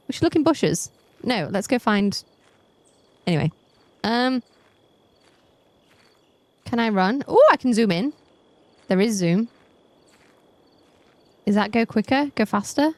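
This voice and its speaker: A woman's voice: medium pitch, animated, moderate pace, pauses often, darkish tone, dry recording. A woman playing a murder mystery game as a streamer, chatting casually with a self-deprecating humor. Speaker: let's play streamer.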